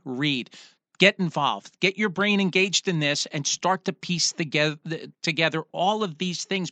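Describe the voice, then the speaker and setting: Emphatic Philadelphia man, bright voice. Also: fairly high pitch, no echo. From Pennsylvania. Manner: emphatic, restarts often. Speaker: radio host. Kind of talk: casual talk radio chat.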